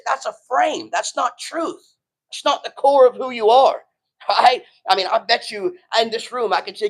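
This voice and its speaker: A man's voice: high voice, poor audio. A middle-aged man giving a sermon to a live audience in a casual, street-talking way, often saying "man". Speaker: preacher.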